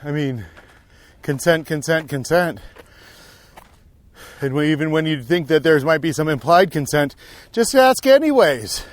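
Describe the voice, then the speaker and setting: Guy rambling and thinking out loud while hiking, casual podcast talk. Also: on the high side, expressive, measured pace, long pauses. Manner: rambling, musing aloud. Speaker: podcast co-host. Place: outdoor mountain trail.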